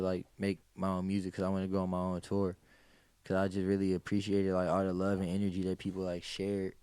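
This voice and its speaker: Low-pitched and clean-toned, with no echo, a male podcast guest recounts stories in a casual way. He swears heavily, leans on slang, and animatedly acts out what people said.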